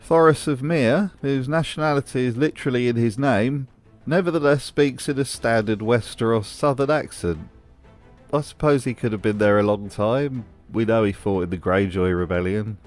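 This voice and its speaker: A man's voice: medium pitch, moderate pace, darkish tone, faint music behind. A man delivering scripted commentary as a video host, in a dry, mocking manner.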